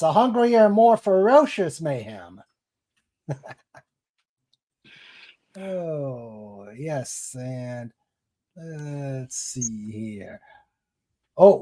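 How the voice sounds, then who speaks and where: A man hosting a casual livestream, chatting and reading viewer comments aloud in an unhurried way. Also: a little high, a little mellow. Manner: unhurried, chatty, laughs at jokes. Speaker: livestream host.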